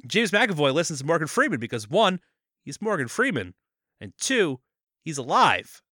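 A man's voice: fairly high pitch, very animated, moderate pace, sharp tone, no echo, clean studio sound. A man co-hosting a podcast, casually recapping a movie plot with jokes and frequent laughter. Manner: joking, laughs often, slips into mock voices. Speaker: podcast co-host.

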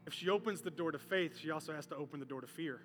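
A male pastor preaching a sermon from a church stage, animated and conversational, with comic bits. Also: a little high, fast. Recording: long hall reverb, faint music.

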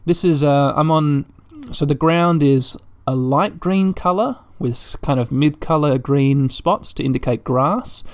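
A man's voice: fairly high pitch, measured pace, no echo. Man narrating a video game playthrough. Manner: describes the screen aloud as he plays, thinking out loud. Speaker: gameplay commentator. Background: faint game music.

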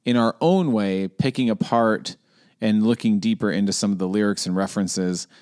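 A man's voice: lowish voice, normal speed, darkish tone, clear, resonant tone. A man co-hosting a podcast, chatting casually and playfully, often laughing. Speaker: podcast co-host. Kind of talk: casual chat.

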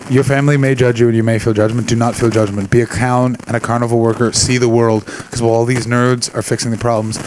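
A man's voice: mid-range voice, flat delivery, fast talker, hardly any pauses, slight background noise, rough recording. A man doing stand-up comedy and chatting with audience members at a live venue. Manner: gravelly, shouts impressions of angry people. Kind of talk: stand-up crowd work.

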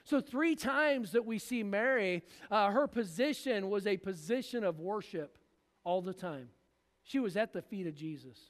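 A man delivers a sermon from the pulpit, his voice unusually high for a man. He acts out the people in the story as he preaches. A long church reverb trails behind every phrase. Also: expressive, normal speed. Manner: preaching with acted-out voices of biblical figures. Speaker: pastor.

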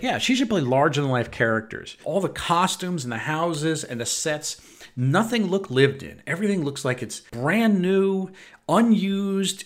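A man's voice: on the high side, a bit bright. An American man co-hosting a podcast as a critic, giving blunt, opinionated takes and swearing freely in casual chat.

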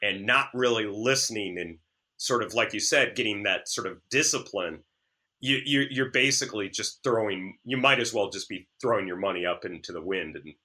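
A man who works as a DJ, chatting as a podcast guest, animated and sarcastic, often stammering as he restarts sentences. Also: on the low side, normal speed. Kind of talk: casual chat.

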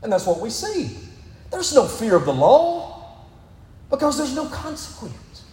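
Emphatic high-voiced pastor preaching in a hall. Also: male voice, wildly swooping pitch, measured pace, a little mellow. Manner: emphatic, repeatedly urging "listen". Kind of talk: sermon. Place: church sanctuary. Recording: echoey hall.

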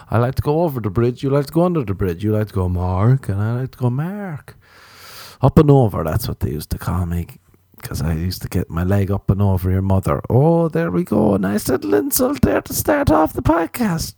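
A man hosting a solo late-night podcast, rambling and joking at his own expense with sudden jumps in pitch. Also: creaky, warm tone, dry recording, studio quality. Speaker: podcast host.

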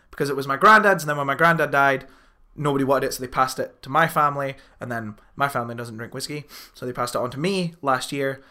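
Rambling bright-voiced man on a podcast. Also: mid-range voice, fast. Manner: rambling, excitable, laughing, swears. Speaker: podcast co-host. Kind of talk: casual chat.

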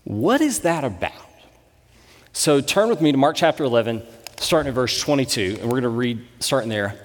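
A man in his thirties, a pastor, giving a sermon with conversational, animated storytelling. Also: mid-range voice, fairly quick. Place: church sanctuary. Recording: long reverb in a church hall.

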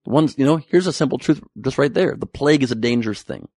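A male comedian works through a sarcastic, profane stand-up routine, rambling from point to point. His voice has a gravelly edge at a mid pitch. The sound is dry and close, with little room tone. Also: animated, fast, darkish tone, no echo.

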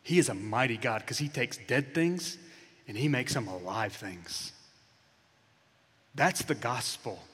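A man preaching a sermon as a pastor, telling the story dramatically and acting out lines, dropping to a hush and then rising loud. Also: mid-range voice, expressive, measured pace, pauses often, breathy edge, big-room sound. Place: church hall.

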